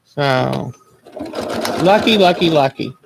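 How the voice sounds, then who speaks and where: A man hosting a quilting livestream, chatting gently and reassuringly while he sews at home. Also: a little high, animated, takes it slowly, vocal fry, slight background noise, low-quality recording. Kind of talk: casual chat while sewing.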